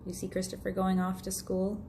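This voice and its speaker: A woman's voice: medium pitch, completely flat delivery, brisk, a little mellow, slight background noise. A woman reading a picture book aloud to children, playfully voicing sound effects and chatting about the pictures. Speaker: storyteller for children. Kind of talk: storybook read-aloud.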